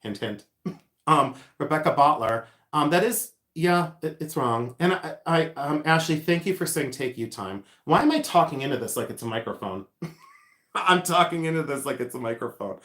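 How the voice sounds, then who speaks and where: A man's voice: on the high side, expressive, moderate pace, fairly bright tone. A man hosting a casual livestream, reading out viewer comments and rambling with lots of ums and laughter. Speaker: livestream host selling vintage jewelry. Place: echoey room. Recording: echoey room sound.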